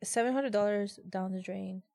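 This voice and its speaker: Gravelly-voiced woman giving blunt verdicts. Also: medium pitch, moderate pace, dark tone, no echo, studio quality. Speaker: podcast co-host. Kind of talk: casual chat.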